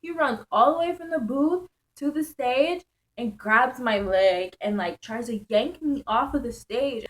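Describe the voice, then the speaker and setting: A young woman vlogger telling a wild night-out story in casual slang, animated and laughing often. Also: high-pitched, a little slow, low-quality recording.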